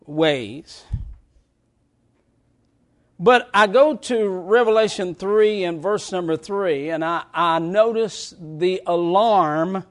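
A man preaching a sermon, swinging from shouted lines to hushed, drawn-out words, with folksy stories told through laughter. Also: high voice.

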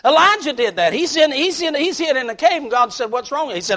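A man preaching a sermon in a folksy, plain-spoken way, swinging from hushed, intimate lows to loud shouted peaks. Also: sing-song, brisk, few pauses.

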